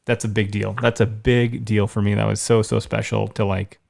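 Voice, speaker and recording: Gravelly-voiced man telling a hunting story. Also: on the low side, moderate pace. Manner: animated storyteller, acts out voices in anecdotes. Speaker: podcast co-host. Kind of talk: casual chat.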